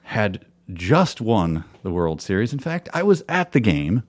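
A man in his fifties from Minnesota, spinning a long story in casual conversation. His voice sits low and sounds dry and close. He rambles and keeps laughing at himself as he goes. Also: sing-song, measured pace, no echo. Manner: rambling, self-amused storytelling with frequent laughs. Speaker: storyteller guest. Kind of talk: casual chat.

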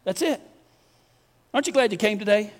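A man preaching a folksy, animated sermon to his congregation. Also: high voice, fairly quick. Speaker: pastor. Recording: long reverb of a church hall.

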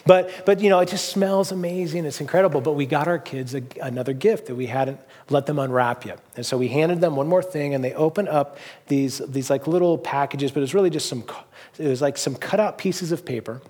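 A man's voice: on the high side, brisk, darkish tone, breathy edge. A middle-aged man pastor preaching a sermon in a loose, conversational storytelling manner, full of fillers and restarts. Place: church hall.

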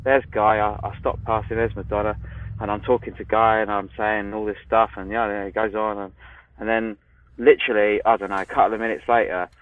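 A man with a London accent, a podcast co-host chatting casually and telling animated stories, acting out what people said. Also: fairly low pitch, a little fast, no echo. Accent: London English. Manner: animated storytelling, acts out quotes. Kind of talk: casual chat. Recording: tinny phone-like line, dry.

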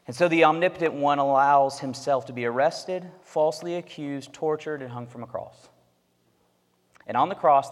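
Earnest male pastor in a reverberant sanctuary. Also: medium pitch. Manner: earnest, conversational preaching with asides to the congregation. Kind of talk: sermon.

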